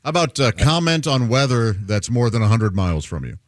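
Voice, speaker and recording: A man's voice: mid-range voice, sing-song, brisk, no echo, studio quality. A man co-hosting a casual talk show, easygoing as he explains. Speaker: co-host. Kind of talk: casual chat.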